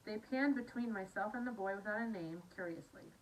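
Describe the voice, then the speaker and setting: A woman's voice: mid-range voice, fairly quick. A Scottish woman casually reading a novel aloud, with chatty asides and slips over words. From Scotland. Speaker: audiobook reader. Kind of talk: casual amateur audiobook reading. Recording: slightly distant mic, faint noise.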